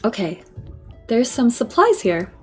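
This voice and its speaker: A woman's voice: fairly high pitch, sing-song, a little slow, darkish tone, soft background music. A woman streaming a game, chatting casually, swearing and laughing at herself. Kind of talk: casual gameplay commentary.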